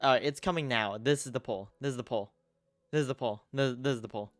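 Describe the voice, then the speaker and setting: A man streaming a game as a VTuber, chatting casually and getting excitable with loud bursts of laughter. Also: mid-range voice, fast talker. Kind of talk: casual game livestream chat. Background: game music.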